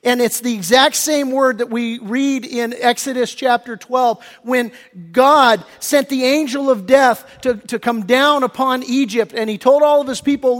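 A man preaching a sermon as pastor, swinging between loud emphatic lines and hushed earnest pleas. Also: extremely high pitch, fairly even intonation, unhurried, few pauses, long reverb tail.

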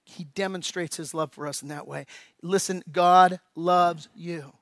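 A man with a notably high voice delivers an impassioned sermon as a pastor. He swings from loud, ringing emphasis to quiet, drawn-out appeals. The sound is dry and close, with little room around it. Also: fairly even intonation, no room sound. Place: church.

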